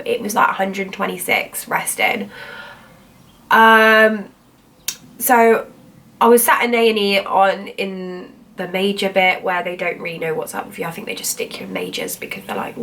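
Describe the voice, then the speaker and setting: A vlogger in her 20s tells her own story casually, rambling and chatty, with plenty of "like" and "I was like." Her mid-range voice is a bit bright and was recorded from a distance.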